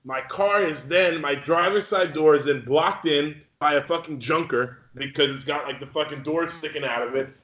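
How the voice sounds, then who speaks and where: Young guy ranting thru a story on a podcast, bright voice, dull roomy audio. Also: fairly high pitch, moderate pace, hardly any pauses. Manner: swearing, animated storyteller acting out other people. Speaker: podcast co-host. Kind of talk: casual storytelling chat.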